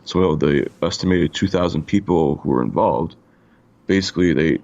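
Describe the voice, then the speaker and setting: A man from Canada co-hosts a podcast in a very deep, gravelly voice. He talks in a laid-back way, swearing freely and leaning on fillers. The recording sounds a little dull. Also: moderate pace, a little mellow. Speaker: podcast co-host. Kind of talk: casual chat.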